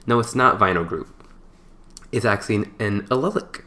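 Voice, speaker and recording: A man giving a casual chemistry lesson, explaining step by step in a relaxed, chatty way with playful asides and small stumbles. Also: on the low side, fairly quick. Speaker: chemistry tutor. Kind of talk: casual whiteboard lecture.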